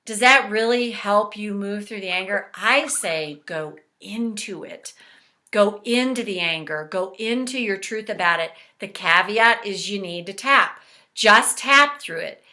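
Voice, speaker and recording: A woman's voice: mid-range voice, a little slow, bright, forceful tone. A woman coaching a guided tapping session, leading blunt, profane statements for the listener to repeat.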